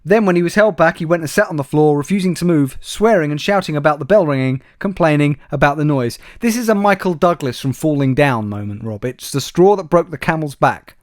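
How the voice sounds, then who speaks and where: A man's voice: a little high, animated, a little fast, few pauses, no room sound. A man co-hosting a comedy podcast, reading out news stories with dry, wry asides. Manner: dry, wry delivery, addresses co-host by name. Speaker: podcast co-host.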